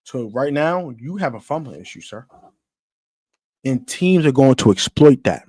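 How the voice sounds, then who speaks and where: A man's voice: mid-range voice, lively intonation, unhurried, breathy edge. A man ranting about football in casual slang, emphatic and repetitive. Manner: emphatic, repetitive, gets louder as he goes. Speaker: sports commentator. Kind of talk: casual sports rant.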